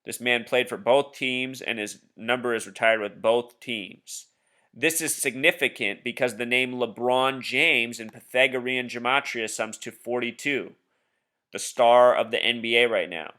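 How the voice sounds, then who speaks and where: A man's voice: mid-range voice, unhurried, pushed and bright. A man talking casually over a screen share, insistently explaining his theories and addressing the viewer directly. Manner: insistent, conspiratorial; addresses viewer as "Truth Seeker". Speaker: video blogger.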